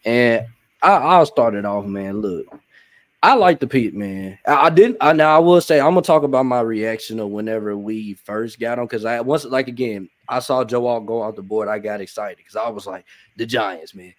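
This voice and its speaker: A man's voice: mid-range voice, normal speed, dry recording. A man hosting a podcast, talking in a laid-back casual way and tacking "man" and "bro" onto almost every sentence. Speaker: podcast host. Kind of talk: casual chat.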